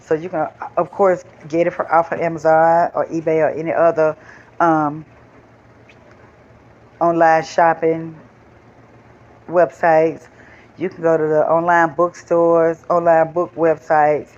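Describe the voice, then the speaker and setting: A woman hosting a storytime, chatting casually to viewers in a relaxed, rambling way, on slightly dull lo-fi audio. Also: sits low, unhurried, pauses often. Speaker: storytime host.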